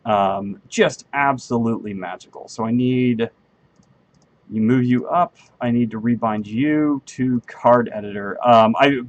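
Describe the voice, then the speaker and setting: A man's voice: medium pitch, a little slow, muffled recording. A man streaming while he programs, thinking aloud in a rambling, friendly way, full of ums and half-finished sentences as he answers his chat. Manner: friendly and self-deprecating, answers chat readers. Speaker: game engineer streaming live coding.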